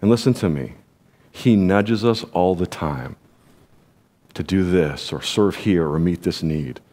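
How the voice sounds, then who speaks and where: A man's voice: low voice, unhurried, darkish tone. A male pastor delivering a sermon in a conversational style, speaking directly to the congregation. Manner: conversational preaching with direct appeals and quoted voices.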